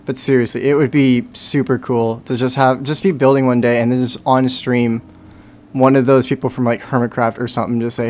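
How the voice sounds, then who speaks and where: A man's voice: mid-range voice, steady tone, a little fast, darkish tone, slight background noise. A young man chatting casually on a livestream while playing, rambling and talking to himself. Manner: rambling, self-talk with hums and sound effects. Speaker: streamer.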